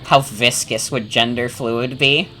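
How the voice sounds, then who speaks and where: A woman's voice: very deep voice, steady tone, measured pace, sharp tone, soft background music. A woman streaming a game, chatting and joking casually with her chat and swearing freely. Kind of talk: casual gameplay commentary.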